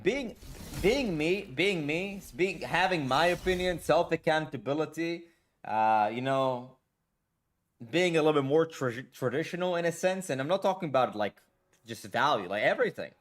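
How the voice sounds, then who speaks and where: Lively, profane man ranting on stream. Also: a little high, moderate pace. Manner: blunt, profane, filler-heavy with "like" and "bro". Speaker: gaming streamer. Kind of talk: casual ranting stream talk.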